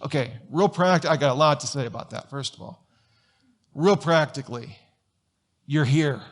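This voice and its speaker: A man's voice: fairly high pitch, moderate pace. A man pastor giving a conversational sermon in a church sanctuary, telling stories and firing off rhetorical questions.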